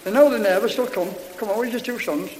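A man's voice: high voice, fast, darkish tone. Exuberant man leading a hall meeting. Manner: exuberant, calls out praises. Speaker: meeting leader. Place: large hall. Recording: echoey hall, crowd and hiss.

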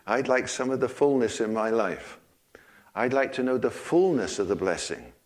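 A man's voice: mid-range voice, animated, normal speed. Man preaching a chatty, folksy sermon. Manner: conversational, asks rhetorical questions, repeats words. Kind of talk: informal sermon. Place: church.

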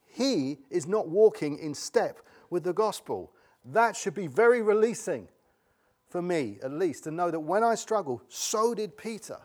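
A man's voice: high voice, expressive, a little slow, darkish tone. A middle-aged man preaching a sermon, emphatic and repeating key words for stress.

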